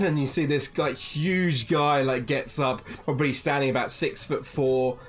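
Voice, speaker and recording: A game master narrating a tabletop fantasy game in a lively, animated way, with frequent fillers. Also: medium pitch, unhurried, few pauses, soft background music.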